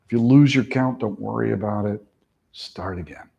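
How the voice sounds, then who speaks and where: A man teaching a yoga class, giving slow, soothing relaxation and breathing cues that often trail off softly. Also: on the low side, creaky, breathy edge, muffled recording. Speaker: yoga instructor. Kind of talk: guided relaxation instruction.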